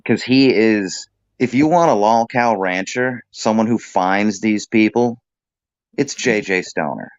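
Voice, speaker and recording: A man's voice: lowish voice, a little slow, clean tone, no echo. Profane, jokey man on a muffled stream. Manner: profane, jokey, slips into put-on accents. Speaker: panel guest. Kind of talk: casual stream chat.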